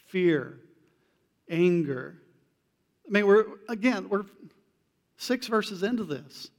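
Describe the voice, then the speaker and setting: A man with a high voice preaches a sermon, talking to his congregation in a loose, conversational way. His delivery moves from hushed to emphatic. The sound carries a long reverb, as in a large hall. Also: vocal fry. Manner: conversational preaching with casual slang. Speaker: pastor.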